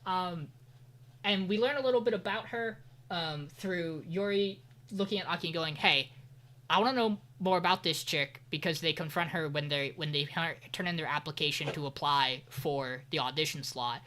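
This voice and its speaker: A man's voice: fairly high pitch, normal speed, sharp tone. A man co-hosting a podcast, recapping an anime in casual chat with rambling, profane, sarcastic asides. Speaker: podcast co-host.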